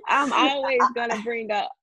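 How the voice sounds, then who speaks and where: A woman's voice: on the low side, fairly even intonation, normal speed, fairly bright tone, low-quality recording. A married woman in casual chat, speaking in a thoughtful, self-reflective way.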